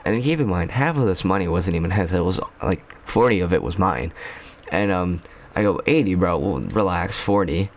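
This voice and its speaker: A man with a very low voice spins a casual storytime for his channel. He rambles along loosely, leaning on slang and filler words as he goes. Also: animated, moderate pace. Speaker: YouTuber.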